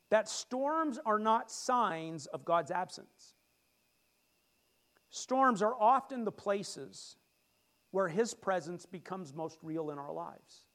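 High-voiced man preaching a sermon. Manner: animated, jokes with the congregation and leads call-and-response. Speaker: pastor. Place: church sanctuary.

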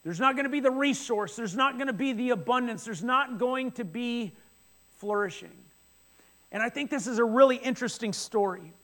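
A man with a notably high voice preaching a sermon. He retells the scripture story in a loose, conversational way, with quick asides, and often stumbles over repeated words at the start of sentences. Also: fairly bright tone. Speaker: pastor.

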